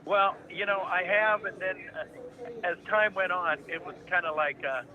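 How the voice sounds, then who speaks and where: A man's voice: high voice, moderate pace, dull audio. A man in his seventies from Ohio, a voice actor telling jokey anecdotes as a guest in a casual interview. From Ohio, United States. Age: 70s. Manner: jokey, anecdotal, animated raconteur.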